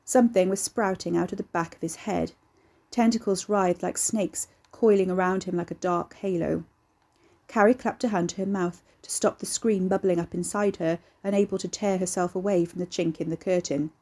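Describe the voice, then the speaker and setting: A woman reading an audiobook in a steady, measured way. Her voice is lowish, mellow and a touch husky. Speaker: narrator. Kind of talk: audiobook narration.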